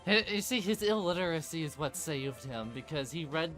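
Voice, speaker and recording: Rambling, animated man hosting a game chat. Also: a little high, normal speed, music in the background. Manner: rambling, animated, many filler restarts. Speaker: game master. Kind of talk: casual chat before a tabletop session.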